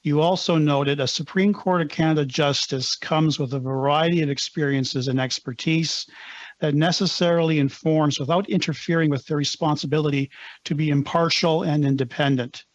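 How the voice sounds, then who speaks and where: A man's voice: a little high, steady tone, moderate pace. Man reading formal questions, muffled audio. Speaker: committee member asking questions.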